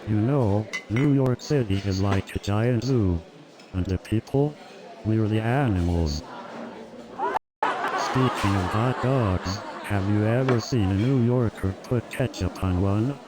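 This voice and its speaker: Computer-voiced guy doing standup, lowish voice, big laugh track and music blasting behind. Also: takes it slowly, a loud crowd, heavy background noise. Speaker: stand-up comedian. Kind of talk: stand-up comedy routine. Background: loud music and audience laughter.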